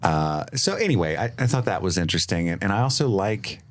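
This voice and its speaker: Deep-voiced man chatting on a podcast. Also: quick pace. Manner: animated, laughing, profane. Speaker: podcast co-host. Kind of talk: casual chat.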